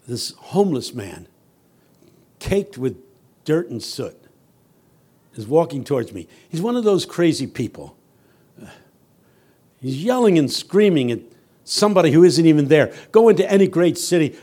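Preacher man swinging loud to hushed. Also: a little high. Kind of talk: sermon.

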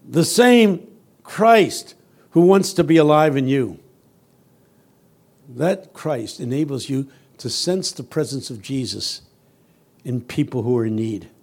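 A man preaching a sermon and telling a story, swinging from loud, emphatic lines to soft, hushed ones. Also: on the high side.

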